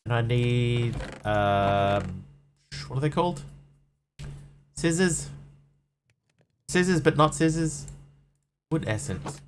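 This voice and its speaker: A man's voice: medium pitch, slow pace, long pauses, over music. Chatty man streaming a game. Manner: chatty, rambling, self-mocking. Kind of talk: casual live-stream chat while gaming.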